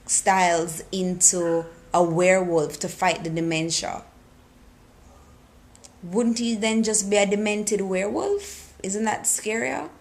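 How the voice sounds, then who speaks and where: A woman talking casually and excitedly into her camera, recapping a TV episode and acting out the characters' lines. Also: mid-range voice. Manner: excitable, animated retelling with quoted lines.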